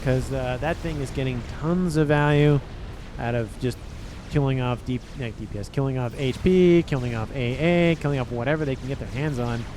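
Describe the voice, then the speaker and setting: Excitable man casting a strategy game. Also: mid-range voice, normal speed, slight background noise. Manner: excitable, talks to the players. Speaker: game caster.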